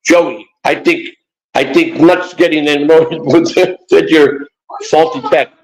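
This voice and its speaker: A man's voice: a little high, fairly even intonation, takes it slowly, gravelly, low-quality recording. An older man and grandfather co-hosting a casual morning chat show, rambling and joking with many restarts. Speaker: co-host.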